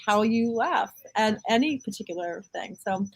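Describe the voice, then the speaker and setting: A woman talking as a guest in a casual conversation, chatty and expressive and often laughing as she speaks. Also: medium pitch, moderate pace, poor audio.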